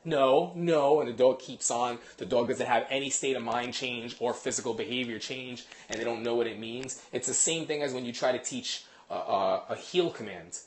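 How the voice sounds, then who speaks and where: A man working as a dog trainer, casually explaining to a live audience in a quick, animated way, full of analogies. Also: mid-range voice.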